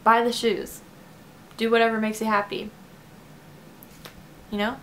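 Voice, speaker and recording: A woman's voice: on the high side, little pitch movement, a bit bright, a little hiss or hum. A young woman from Kentucky talking to her subscribers in a casual vlog, emotional and close to tears, with lots of fillers. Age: young adult. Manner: emotional, teary, fast with many fillers. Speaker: vlogger. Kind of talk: casual heartfelt talk to camera.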